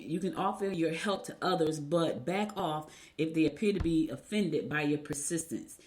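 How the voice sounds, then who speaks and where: A woman radio host reading daily horoscopes and chatting casually, rambling and laughing as she tells stories. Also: fairly low pitch. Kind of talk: casual chat.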